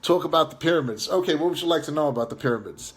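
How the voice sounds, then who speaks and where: Man, new york accent, slightly high voice, taunting, rambling with fillers, casual live chat. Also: expressive, very fast. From Long Island, New York. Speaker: live stream host.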